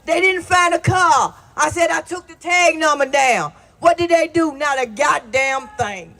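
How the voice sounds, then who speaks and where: A woman angrily telling her story at an outdoor protest rally, shouting and swearing. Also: high-pitched, unhurried, noisy background. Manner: shouting, furious, profane. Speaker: rally speaker. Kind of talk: angry protest testimony.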